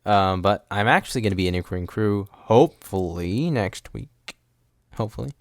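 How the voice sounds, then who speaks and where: A man's voice: fairly low pitch, animated, normal speed, no echo, studio quality. A young man hosting a solo podcast, rambling and sarcastic, often cutting himself off mid-thought. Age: young adult. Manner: rambling, sarcastic, self-interrupting. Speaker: podcast host. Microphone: studio mic with windscreen.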